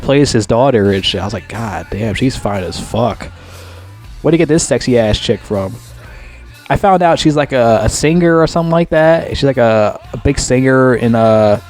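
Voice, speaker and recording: A man giving a casual, unscripted movie review, swearing constantly and rambling excitedly. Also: mid-range voice.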